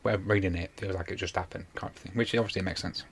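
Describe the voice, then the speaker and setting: A man's voice: low-pitched, fairly even intonation, fast talker, creaky, breathy edge. A man, casually retelling a TV episode on a podcast, rambling with many fillers. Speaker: podcast co-host. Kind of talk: casual chat.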